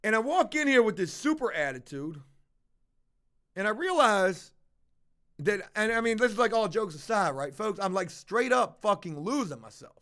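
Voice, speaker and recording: High-voiced man telling a blunt story. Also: sing-song, normal speed, bright, forceful tone. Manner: profane, blunt, talks straight to viewers. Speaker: livestreaming vlogger. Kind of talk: casual confessional storytelling.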